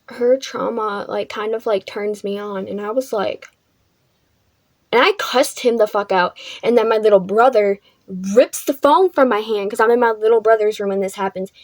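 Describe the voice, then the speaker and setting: A woman's voice: a little high, normal speed, darkish tone, no echo. A young woman vlogger telling a casual storytime, chatty, filling her talk with "like" and swearing freely.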